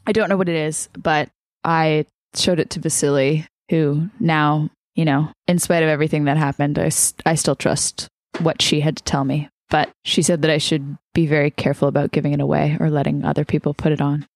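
Low-voiced woman in tabletop role-play. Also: little pitch movement, brisk, hardly any pauses, dry recording, studio quality. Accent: non-standard English accent. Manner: blunt, teasing. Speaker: player.

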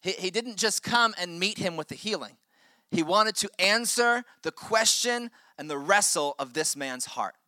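A man's voice: high voice, expressive, normal speed, pushed and bright, no echo, studio quality. A man preaching a sermon as pastor, with impassioned delivery that swells and drops for emphasis.

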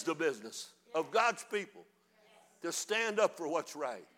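An older man preaching a fiery sermon, building to shouted passages. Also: on the high side, big pitch swings, a little slow, a little hiss or hum. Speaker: pastor.

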